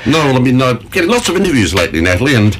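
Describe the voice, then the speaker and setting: A man's voice: medium pitch, sing-song, very fast, slight background noise. A man, hosting a casual radio chat, chatty and joking, laughing often. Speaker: radio host.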